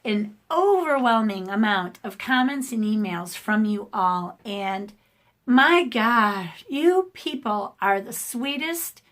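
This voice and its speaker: A middle-aged woman speaks straight to her camera in a casual personal vlog. Her voice is hoarse and keeps catching. She rambles emotionally, full of ums and restarts. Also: a little high, lively intonation, takes it slowly, fairly bright tone. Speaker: art channel host. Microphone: camera facing the speaker.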